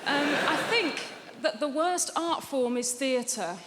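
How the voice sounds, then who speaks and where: A woman performing a stand-up comedy set on a theatre stage, delivering exasperated deadpan rants. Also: sits high, slow, very noisy. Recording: roomy theatre reverb, live stage. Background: audience laughter.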